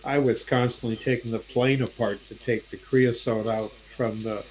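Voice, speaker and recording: A man's voice: medium pitch, fairly even intonation, normal speed, darkish tone, poor audio. A man on a live stream who talks plainly and explains practical woodworking details. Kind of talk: casual chat.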